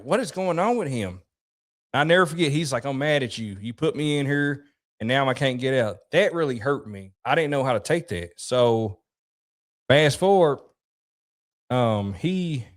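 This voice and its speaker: A man telling a personal story about caring for a dying friend, reflective and halting, often restarting his sentences. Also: mid-range voice. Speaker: vlogger.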